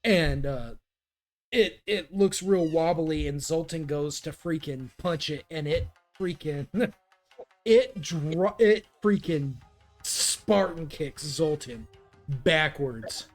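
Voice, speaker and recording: A man narrating as game master of a tabletop game, his voice sitting a little high. He talks in a laid-back, halting way, full of uhs and ums, over faint music.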